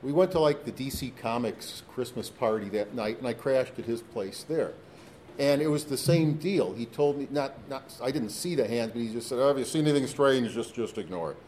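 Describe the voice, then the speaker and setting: A man speaks in casual conversation with a mid-range voice, pausing and restarting as he remembers. A faint hum of noise sits behind him. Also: medium pitch, expressive, darkish tone. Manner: halting, hesitant, trails off.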